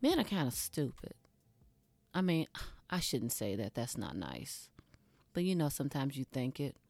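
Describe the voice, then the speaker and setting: Low mellow-voiced woman just talking straight to her viewers, blunt and cussing, dry close sound. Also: sing-song, moderate pace, no echo. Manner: blunt, candid, swears freely; speaks straight to the audience. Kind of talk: casual monologue to camera.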